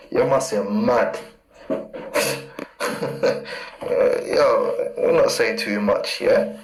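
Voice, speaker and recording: A man preaching fiercely from scripture, hammering points with repetition and reading verses slowly. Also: lowish voice. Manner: emphatic, repeats key words, reads verses slowly. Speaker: street preacher. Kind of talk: fiery scripture teaching. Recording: roomy echo.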